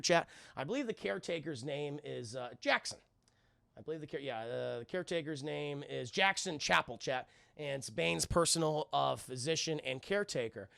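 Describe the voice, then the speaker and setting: A man giving a casual, profane scene-by-scene cartoon recap to his live stream chat, excitable and acting out the characters as he goes. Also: fairly high pitch, gravelly, no room sound, studio quality.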